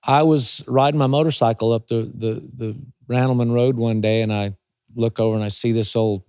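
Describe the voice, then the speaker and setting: A man's voice: mid-range voice, fairly even intonation, brisk, a little mellow, clear, resonant tone, dry recording, clean studio sound. An older man from California, a retired racing driver, telling long rambling stories as an interview guest. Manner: rambling anecdotes with many restarts. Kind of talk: storytelling in a casual interview.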